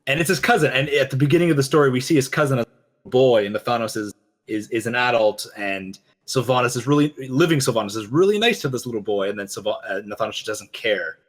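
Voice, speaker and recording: A man in the middle of his register, co-hosting a relaxed discussion. He tells the story with energy and keeps slipping into quoted dialogue. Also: medium pitch, fast. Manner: animated storytelling, quoting characters. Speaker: podcast co-host. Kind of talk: casual lore discussion.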